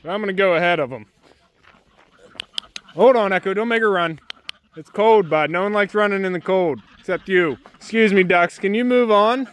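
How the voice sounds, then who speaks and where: A man's voice: high-pitched, normal speed, slight background noise. A man narrating a casual homestead vlog outdoors in the snow, talking to his animals in a fond sing-song voice. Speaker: homesteader vlogger. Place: outdoors on a snowy farm.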